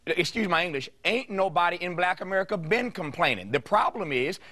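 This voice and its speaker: A man hosting a TV interview, pressing his guest with forceful rhetorical questions. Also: high voice, lively intonation, fairly quick. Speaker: TV talk show host.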